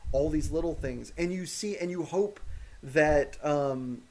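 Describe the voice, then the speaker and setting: Animated, cursing man co-hosting a chat. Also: a little high, a little slow, a crowd in the background. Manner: animated, profane, rants with laughter. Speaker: podcast co-host. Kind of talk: casual chat.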